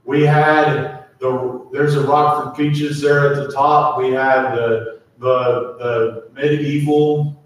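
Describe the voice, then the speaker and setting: A man preaching a sermon as pastor, slow and emphatic, repeatedly asking the congregation to speak to their neighbors. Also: medium pitch, little pitch movement. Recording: echoey hall, mic at a distance.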